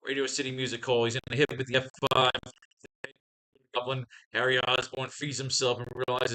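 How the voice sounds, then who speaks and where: Profane, excitable comic-reading man. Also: medium pitch, fairly quick. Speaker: writing class teacher. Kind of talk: casual comic read-along commentary.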